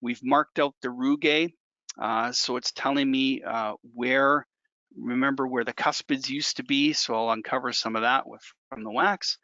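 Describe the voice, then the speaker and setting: Male instructor demoing lab work, chatty and repetitive for emphasis, bright voice, lo-fi recording. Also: medium pitch, fairly even intonation, moderate pace, dry recording. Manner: conversational, repeats points for emphasis. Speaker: dental technician instructor. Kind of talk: hands-on instructional demo. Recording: dull dry lo-fi recording.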